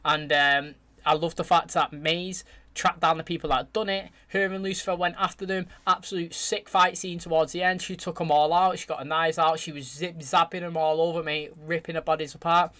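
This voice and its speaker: A man hosting his channel, chatting excitedly as he reacts to a show's finale and addresses his viewers directly. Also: fairly high pitch, a little fast. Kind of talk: casual reaction commentary.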